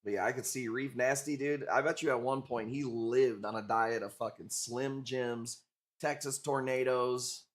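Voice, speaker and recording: A man's voice: medium pitch, steady tone, normal speed. A man from Illinois hosting a live coral auction stream, chatting loosely with viewers in a profane, joking way. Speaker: livestream host selling coral. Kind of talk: casual livestream auction chat.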